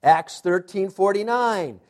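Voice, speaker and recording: A man preaching a sermon, emphatic, asking the congregation to fill in words and dropping to hushed, intense asides. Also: high-pitched, slow. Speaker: pastor.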